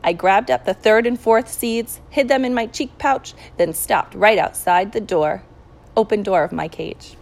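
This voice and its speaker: A woman narrating a children's audiobook chapter in an expressive storytelling manner. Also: mid-range voice, measured pace, gravelly, poor audio.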